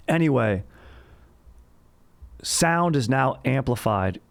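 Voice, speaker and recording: A man with a somewhat low voice hosts a casual history podcast. He talks like a laid-back bro, rambles into jokey asides and keeps dropping "dude.". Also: moderate pace, a little mellow. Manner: slangy bro talk, says "dude" constantly. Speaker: podcast host. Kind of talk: casual comedic history chat.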